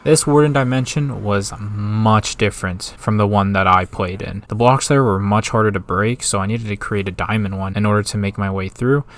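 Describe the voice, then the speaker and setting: Brief: man, lower register, gaming creator recapping a survival run, casual and upbeat, quick to yelp at danger. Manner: upbeat recap narration broken by excited outbursts. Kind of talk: casual gameplay narration with live reactions.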